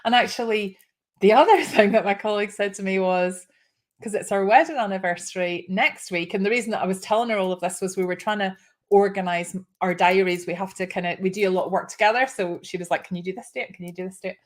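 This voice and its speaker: A woman's voice: mid-range voice, fast. A woman in her fifties hosting a live show, chatting casually and getting emotional, with restarts and small laughs. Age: 50s. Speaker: host.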